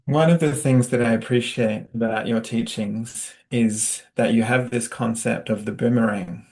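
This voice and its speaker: A man with an Australian accent interviewing a teacher in a casual conversation, speaking softly with hesitant fillers. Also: medium pitch, steady tone, moderate pace. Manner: soft-spoken, hesitant with fillers, laughs lightly.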